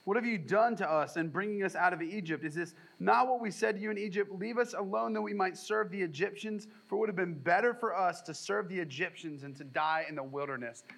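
Bright, high-voiced joking preacher man. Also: fairly quick, creaky, few pauses, poor audio. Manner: jokey, conversational preaching with sarcastic acted quotes. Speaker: pastor. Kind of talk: sermon.

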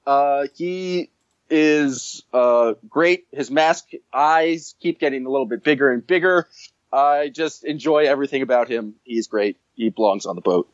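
Here a man co-hosts a laid-back sports podcast in a mid-range voice at a moderate pace. Full of enthusiasm, he rambles with plenty of fillers, captured on a dull, dry lo-fi recording.

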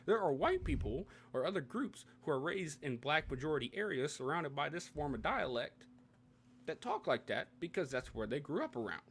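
Animated young man arguing on a podcast. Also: a little high, moderate pace, slight background noise. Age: young adult. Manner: animated, reads from a page and argues back. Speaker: podcast co-host. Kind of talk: casual podcast chat.

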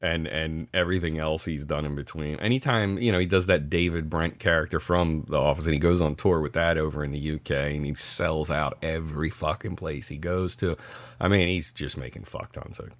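A middle-aged man co-hosting a podcast, telling stories in a casual, profane, animated way. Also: very deep voice, brisk, dry recording. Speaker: podcast co-host. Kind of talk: casual chat.

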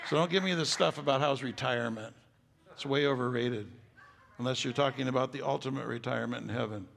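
An older man preaching a sermon as pastor, folksy and joking, building to loud emphatic stretches. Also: medium pitch, fast, gravelly. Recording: long hall reverb.

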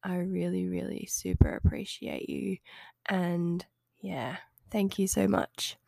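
A woman's voice: lowish voice, little pitch movement, takes it slowly, creaky, a little mellow, no room sound, clean studio sound. A woman hosting a casual solo podcast, speaking in a nasal voice with a stuffy head cold, hesitant and rambling but friendly. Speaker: podcast host and health coach.

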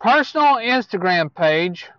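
A man giving casual movie news to viewers, speaking in a halting way with self-corrections and asides. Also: sits high, big pitch swings, fairly bright tone, clear, resonant tone, dry recording, lo-fi sound.

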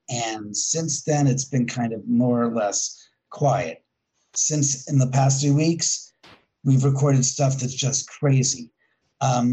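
A man's voice: mid-range voice, husky, poor audio. A man, a guest in a casual interview, telling rambling ghost stories about his house and correcting himself as he goes. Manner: rambling, self-correcting, animated when retelling. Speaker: guest, haunted house owner.

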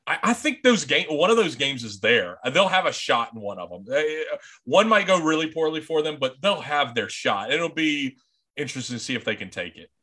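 Hesitant, bright-voiced man host. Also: on the high side. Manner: hesitant, many restarts, deferential. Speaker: podcast host. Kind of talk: casual podcast chat.

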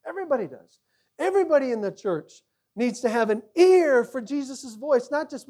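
A male pastor preaching a sermon, acting out quoted voices and swinging between loud emphasis and quiet asides. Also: very high voice, big pitch swings, fairly quick.

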